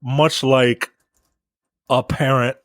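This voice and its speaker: Male podcast co-host, mid-pitched, exasperated ranting delivery, dry mic. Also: little pitch movement, drawn-out words, no room sound. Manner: exasperated, rants with lots of "yo" and "like". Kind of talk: casual podcast chat.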